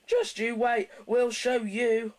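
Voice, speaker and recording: A man's voice: very high voice, little pitch movement, takes it slowly, pitched above the performer's own voice. Spiteful scheming trucks, voiced by a man. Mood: growling. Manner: sneering, mischievous. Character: grumbling spiteful freight trucks.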